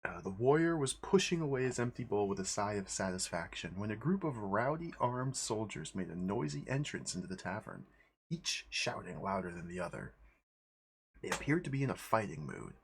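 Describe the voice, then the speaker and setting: A man's voice: lowish voice, very animated, moderate pace, gravelly, a little hiss or hum. A man streaming, casually reading a fantasy game manual aloud to viewers.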